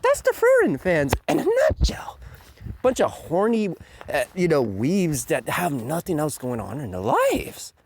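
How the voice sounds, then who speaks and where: A man's voice: on the high side, wildly swooping pitch, measured pace, slight background noise. A man giving a crude, mocking countdown rant as an anime reviewer, swearing often and sneering at fans. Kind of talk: ranting countdown commentary.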